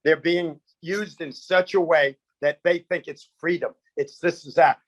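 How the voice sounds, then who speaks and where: A man's voice: a little high, steady tone, a little slow, few pauses, dry recording. A man, a comedian guest, telling stories with punchy quoted bits and lots of animation.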